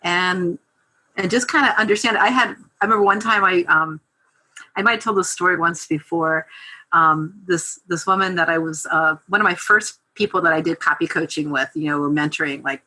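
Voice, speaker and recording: A woman's voice: fairly low pitch, normal speed, low-quality recording. A middle-aged woman talking casually as a podcast guest, telling stories with many fillers. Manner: chatty, animated storyteller with lots of fillers. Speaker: guest copywriter.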